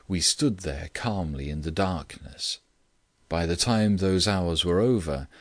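A man reading a classic story aloud in measured, scripted narration. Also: deep voice, no room sound. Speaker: audiobook reader.

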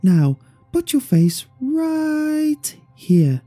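A man voicing a prim, cruel female hand puppet who scolds in a high, drawn-out singsong. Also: very animated, warm tone, faint music behind, full character voice. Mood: bossy.

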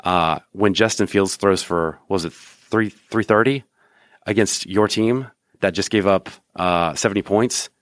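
A man's voice: sits low, unhurried, no echo, studio quality. A man co-hosting a sports podcast, joking and rambling in casual chat. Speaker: podcast co-host.

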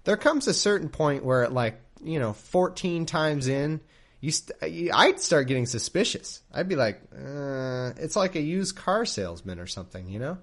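A man's voice: fairly high pitch, big pitch swings, normal speed, fairly bright tone. A man hosting a solo show who reads scripture aloud and riffs on it, laughing and rambling with many restarts. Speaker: podcast host. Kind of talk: comedic Bible reading and commentary.

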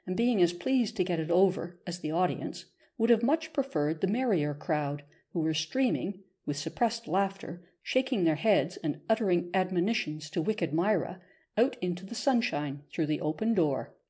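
A woman narrating a classic novel as an audiobook reader, in a measured storytelling manner. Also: fairly low pitch, lively intonation, mellow, breathy edge. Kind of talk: scripted narration.

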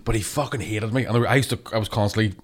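A man's voice: lowish voice, husky. A young man, a comedian, telling school stories in a casual, sweary chat. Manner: sweary, fast storytelling.

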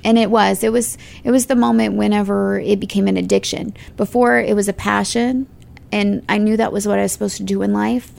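A woman actress talking about her work in an interview, chatty and expressive, laughing easily. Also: mid-range voice, fairly quick, creaky. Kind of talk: casual interview conversation.

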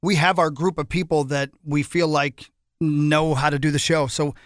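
A male radio co-host talks casually, agreeing readily with the others at the table. His voice is slightly higher and smooth. The studio sound is close and dry. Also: level tone, no echo. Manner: agreeable, quick to say yes.

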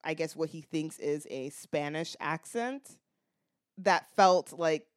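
A woman's voice: low-pitched, slow pace. An American woman co-hosting a podcast, talking in a casual, reflective way with lots of "like" fillers. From United States. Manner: chatty, many "like" fillers, reflective. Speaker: podcast co-host. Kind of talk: casual chat.

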